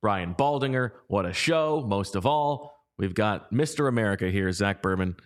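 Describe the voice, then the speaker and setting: A man's voice: on the low side, expressive, moderate pace, smooth. A man hosting a casual sports talk show, with a dry, teasing way of talking. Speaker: podcast host.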